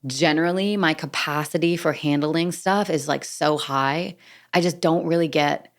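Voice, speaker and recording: A woman's voice: sits low, fairly even intonation, normal speed. A young adult woman hosting a podcast solo, telling a story in a chatty way, full of fillers and acted-out bits of dialogue. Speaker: podcast host.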